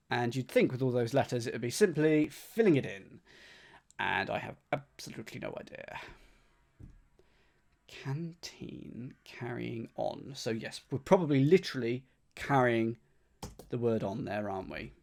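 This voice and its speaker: A man's voice: mid-range voice, animated, unhurried, gravelly, pauses often, darkish tone. A man streaming himself solving a crossword, thinking aloud, repeating clues under his breath and thanking viewers by name.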